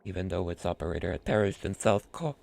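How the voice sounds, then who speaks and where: A man voicing a stately male robot scholar in a slow, formal robotic monotone. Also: low voice, creaky, pitched below the performer's own voice, full character voice. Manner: measured, formal delivery.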